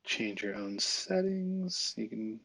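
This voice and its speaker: A man with a low, gravelly, slightly husky voice walks through a visual effects tutorial. He talks casually and thinks aloud, with fillers and quick asides as he clicks around. The sound is dry and close. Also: big pitch swings, a bit bright, dry recording. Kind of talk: screen-recorded software tutorial.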